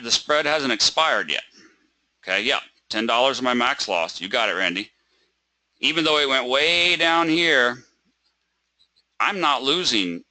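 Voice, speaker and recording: A man's voice: mid-range voice, sharp tone. A man teaching a live webinar lesson. He asks rhetorical questions, checks in with "right?" and "okay?", and acts out a stressed trader by repeating words. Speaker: trading webinar instructor.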